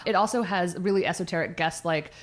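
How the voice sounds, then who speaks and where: A woman co-hosting a podcast, chatting casually with quick, jokey asides. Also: lowish voice. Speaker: podcast co-host. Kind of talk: casual chat.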